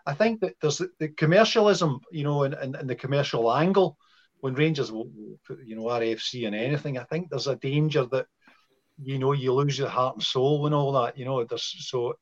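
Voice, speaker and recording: This Scottish man, a guest on a podcast, argues passionately and repeats words to build his case in casual football chat. His medium-pitched voice moves fairly quickly, and the audio sounds dull.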